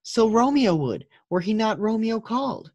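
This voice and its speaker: A man voicing a lovesick young noblewoman in a high, sighing falsetto, drawing out his pleading lines. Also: expressive, normal speed, darkish tone, dry recording, dull audio. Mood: yearning.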